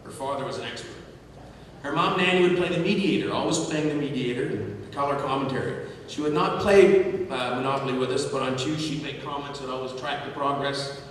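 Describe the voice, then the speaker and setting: A middle-aged man giving a memorial tribute, telling family anecdotes with gentle humor. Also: medium pitch. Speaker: eulogist. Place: large hall at a memorial service. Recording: echoey hall from far off, noisy.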